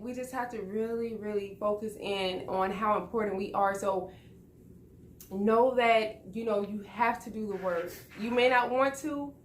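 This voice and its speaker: Woman, social worker, earnest motivational talk, direct and repetitive, mid-pitched voice, roomy echo. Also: a little hiss or hum. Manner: earnest and direct, repeats words, soothing. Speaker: social worker sharing encouragement.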